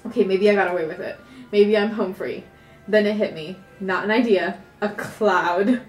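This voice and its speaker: A woman telling a comic story about her own life, animated and often laughing as she goes. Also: medium pitch, moderate pace, roomy sound, faint music behind.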